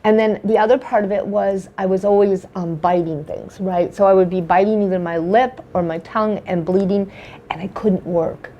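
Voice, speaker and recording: A woman's voice: mid-range voice, steady tone, moderate pace, mellow, highs cut off. A woman guest recounting her experience as a patient, telling it in a tumbling, repetitive way with frequent restarts. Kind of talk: emotional personal account.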